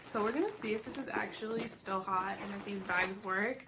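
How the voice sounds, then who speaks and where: A woman in her twenties eats while chatting casually in a mukbang vlog, her mid-range voice running a little fast against background noise. She's talkative, fills her speech with "like" and drops giggly asides.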